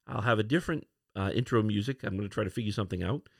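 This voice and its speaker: A man's voice: on the low side, racing, creaky, husky, no echo, clean studio sound. A man hosting a casual solo podcast, rambling through a comic review with many restarts and fillers. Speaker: podcast host.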